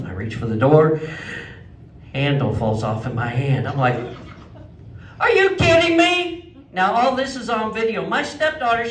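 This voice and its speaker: Folksy man in an echoey hall. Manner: folksy storyteller, voice jumps high for quoted outbursts. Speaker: stand-up comedian. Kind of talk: stand-up comedy set. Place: legion hall stage before a live audience. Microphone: handheld microphone, picked up from some distance. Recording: echoey hall, mic at a distance.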